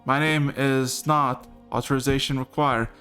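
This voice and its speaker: A man doing a monotone machine voice. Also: mid-range voice, unhurried, faint music behind. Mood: flat. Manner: monotone, stubbornly literal. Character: monotone disembodied machine entity, male, flat and literal. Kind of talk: tabletop game voice acting.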